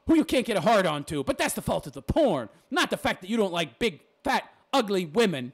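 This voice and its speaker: A man's voice: sits high, big pitch swings, brisk, few pauses. A man ranting in reaction commentary, crude and mocking, often laughing at his own jabs.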